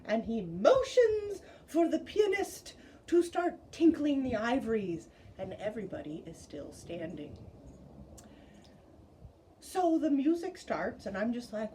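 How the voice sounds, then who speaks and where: A woman telling a personal story at a story slam, animated, with big swings in pitch and loudness. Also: a little slow, a little hiss or hum, poor audio.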